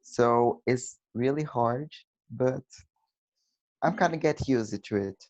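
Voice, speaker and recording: Calm young man. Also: medium pitch, slow pace, no room sound. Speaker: student. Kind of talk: casual class discussion. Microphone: video call. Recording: dry, muffled video call.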